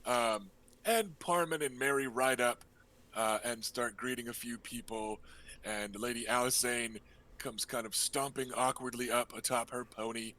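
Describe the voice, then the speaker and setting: Male game master, casual narration, bright voice, mid-pitched, lots of fillers. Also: unhurried. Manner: relaxed, full of fillers.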